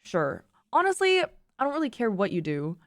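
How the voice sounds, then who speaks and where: A woman's voice: fairly high pitch, wildly swooping pitch, moderate pace, no echo, clean studio sound. A woman reading the lines of a playful, giggly young woman who teases her guest. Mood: teasing. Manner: teasing, giggly.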